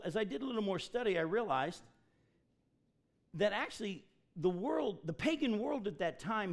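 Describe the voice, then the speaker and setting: Middle-aged guy preaching, kinda high voice, folksy and jokey, reads verses out loud. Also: gravelly. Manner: folksy, joking asides, reads scripture aloud. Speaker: pastor. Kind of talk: sermon.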